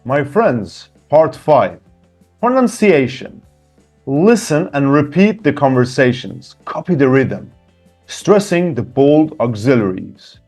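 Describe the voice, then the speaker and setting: A man's voice: medium pitch, slow pace, soft background music. A man teaching English, reading workbook answers aloud and cheering students on between exercises. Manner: lively, encouraging, reads example sentences with shifting emphasis.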